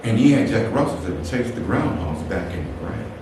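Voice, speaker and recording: A man's voice: on the low side, brisk. A man telling a funny personal story to an audience, acting out the people in it with laughter. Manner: animated, acts out the people in his story with laughs. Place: storytelling event room. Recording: echoey room, voice from far off, ambient noise.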